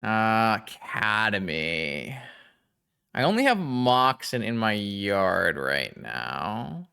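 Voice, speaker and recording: A man giving casual live-stream gameplay commentary, thinking aloud and talking to his chat in a chatty, excitable way. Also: fairly low pitch, extremely slow, vocal fry, clear, resonant tone.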